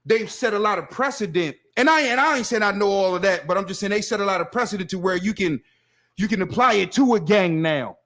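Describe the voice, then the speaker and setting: High-voiced emphatic man arguing. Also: lively intonation, fast, fairly bright tone. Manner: emphatic and profane, builds to heated insistence. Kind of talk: casual podcast debate.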